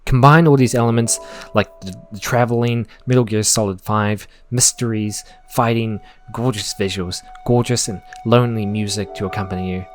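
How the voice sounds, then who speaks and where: A man's voice: on the low side, steady tone, normal speed, faint music behind. A man narrating a scripted video essay with enthusiasm, jokes and frequent swearing. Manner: enthusiastic, profane, joking.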